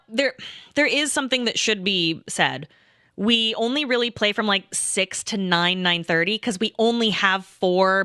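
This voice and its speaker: A woman in her thirties telling a rambling, animated story in casual chat, swearing often and acting out what people said. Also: mid-range voice, dry recording, studio quality. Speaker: storyteller recounting a game night.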